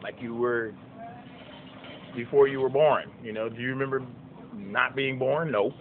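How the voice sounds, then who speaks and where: A man's voice: mid-range voice, measured pace, slight background noise. Fifties male preacher, casual and emphatic, repeating points with folksy rhetorical questions, tinny lo-fi phone audio. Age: 50s. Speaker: preacher and songwriter. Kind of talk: informal preaching monologue.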